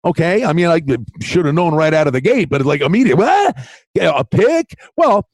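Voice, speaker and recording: An animated man co-hosts a betting podcast with a folksy, chummy way of talking. His voice is slightly high. The recording is dry and close-miked. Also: brisk, no room sound. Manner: animated, folksy, calls partner buddy and pal. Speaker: podcast co-host, betting analyst. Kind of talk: casual sports betting chat.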